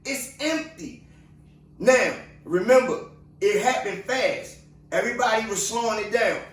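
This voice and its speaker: A man giving casual commentary to his viewers, talking emphatically and asking them pointed questions. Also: sits high. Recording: echoey room, mic at a distance.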